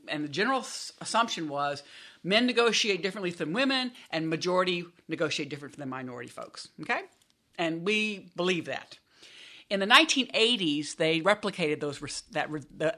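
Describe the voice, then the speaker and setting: A woman's voice: on the low side, lively intonation, fairly quick, pushed and bright. A woman professor as an interview guest, explaining research conversationally and often restarting her sentences. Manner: explanatory, self-correcting restarts. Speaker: business school professor, guest.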